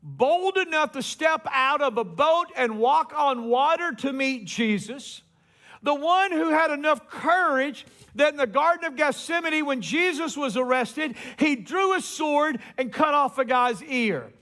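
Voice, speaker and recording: A man preaching a sermon as pastor, retelling a story with lively acted-out quotes. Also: very high-pitched, a little slow. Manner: storytelling preacher, acts out quotes with rising emphasis.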